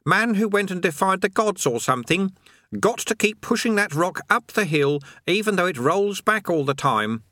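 A man's voice: high-pitched, expressive, moderate pace, sharp tone, dry recording, studio quality, pitched above the performer's own voice. A man doing Eric, a knowing young lad. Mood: offhand.

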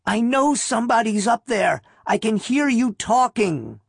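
A man's voice: extremely high pitch, lively intonation, a little slow, creaky, slightly rough, no echo, clean studio sound, pitched above the performer's own voice, exaggerated voice. A man voicing a frail elderly woman buried underground who pleads to be let out, in a quavering, plaintive voice for an audiobook. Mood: pleading.

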